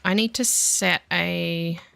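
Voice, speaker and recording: A woman's voice: fairly low pitch, steady tone, takes it slowly, gravelly, sharp tone, dry recording. Chatty woman streaming a game. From Australia. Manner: chatty, self-deprecating, talks to chat while building. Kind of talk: casual chat while gaming.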